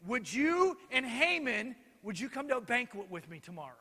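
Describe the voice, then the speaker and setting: A man playing a calm, clever ancient queen who speaks plainly, in a reverberant hall. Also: extremely high pitch, moderate pace, breathy edge, exaggerated voice. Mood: coaxing.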